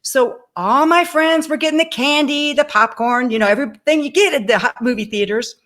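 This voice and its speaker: A woman in her sixties tells her own life story as a guest on an interview show. Her voice sits a little high, and she keeps acting out the dialogue. She turns to speak straight to her listeners. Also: a little fast. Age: 60s. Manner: animated, acts out dialogue in her stories; addresses the audience directly. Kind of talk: personal storytelling.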